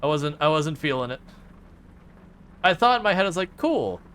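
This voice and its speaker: A man's voice: fairly high pitch, animated, brisk, fairly bright tone, clean tone. Chatty man streaming a truck game. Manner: chatty, rambling, full of fillers, playfully mocks the game. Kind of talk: casual live-stream chat.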